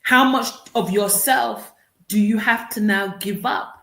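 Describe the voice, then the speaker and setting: A woman's voice: medium pitch, unhurried, vocal fry, fairly bright tone. A woman speaking as an author and consultant in an interview, explaining things earnestly and often repeating words as she starts a thought again. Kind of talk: radio interview answers. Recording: roomy echo.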